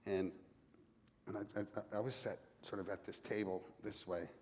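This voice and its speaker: A man's voice: on the low side, fairly even intonation, normal speed, darkish tone, big-room sound. A man from Newfoundland, Canada, with a Newfoundland accent, telling a playful story on stage as an author guest at a library event.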